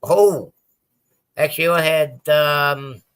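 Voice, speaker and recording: Rambling bright-voiced man. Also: on the high side, takes it slowly, smooth. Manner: rambling, many ums and restarts. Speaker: model railroad streamer. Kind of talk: casual live-stream chat.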